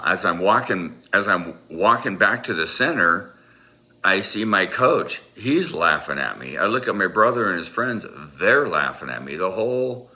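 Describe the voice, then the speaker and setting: Man, extremely deep voice, sharp tone, rambling self-deprecating storyteller. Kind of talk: casual personal storytelling.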